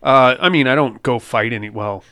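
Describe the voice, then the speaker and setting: A man's voice: medium pitch, normal speed, bright, forceful tone, clean tone. A man hosting a podcast, casually recapping a film in a rambling, crude and joking way. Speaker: podcast host.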